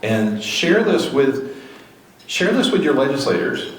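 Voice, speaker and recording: In an echoey event room with faint noise, a man addresses a crowd at a grassroots political gathering. He urges them on with repeated rallying questions, his medium-pitched voice sing-song and measured.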